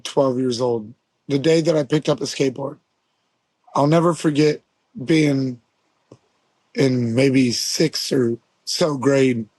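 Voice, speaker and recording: A man's voice: mid-range voice, darkish tone, breathy edge, dry recording. A man in his forties from Las Vegas, a guest telling stories casually, rambling with fillers and swearing. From Las Vegas, USA. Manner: profane, rambling storyteller with many fillers. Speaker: guest, pro skateboarder. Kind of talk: casual storytelling. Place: podcast studio.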